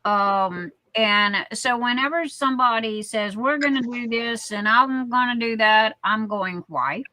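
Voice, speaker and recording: A woman's voice: a little high, unhurried, sharp tone, dry recording, poor audio. A woman in casual chat telling a personal story, blunt and salty, rambling with many fillers and restarts.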